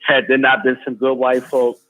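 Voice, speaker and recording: A man calling in as a guest, talking emphatically and repeating his points forcefully. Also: mid-range voice, completely flat delivery, normal speed. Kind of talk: heated call-in talk. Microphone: phone call. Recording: tinny phone line.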